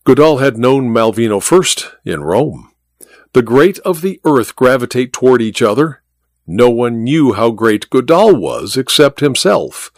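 Expressive male storyteller, dry close sound. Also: mid-range voice, dry recording. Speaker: audiobook narrator. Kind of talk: storytelling narration.

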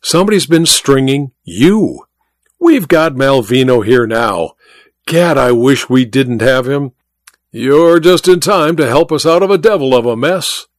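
A man's voice: mid-range voice, animated, unhurried, no echo, clean studio sound, close to an everyday voice. A man voicing a bluff, hearty, wealthy male mining magnate in a story reading. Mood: jovial. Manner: boisterous, jovial, teasing.

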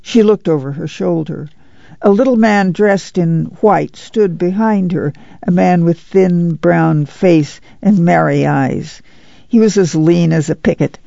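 Gravelly man reading a novel aloud. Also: high voice, slow pace, warm tone, dry recording, highs cut off. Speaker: audiobook narrator. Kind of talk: scripted literary narration.

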